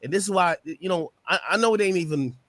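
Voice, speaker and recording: High-voiced man chatting casually. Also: fast, a bit bright, dry recording.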